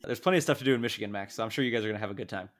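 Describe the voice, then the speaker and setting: Fast-talking young male podcast host. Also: fairly low pitch. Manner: joking, quick and bantering. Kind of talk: casual chat.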